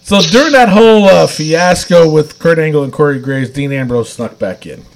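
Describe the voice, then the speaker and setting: A man's voice: on the high side, expressive, normal speed. A man casually recapping wrestling episodes on a podcast, rambling with lots of fillers and frequent laughs. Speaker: podcast co-host.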